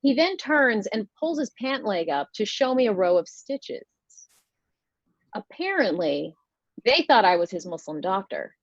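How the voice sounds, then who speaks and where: A woman performing a stand-up comedy set, with a dry, deadpan delivery over a video call. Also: mid-range voice, a little slow, no room sound. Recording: dull, slightly lo-fi sound.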